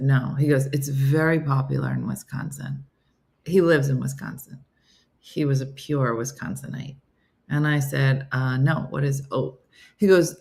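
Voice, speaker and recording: Low and gravelly, this middle-aged woman's voice carries a comedy morning show she hosts. She chats casually, spinning stories and reading out comments from viewers.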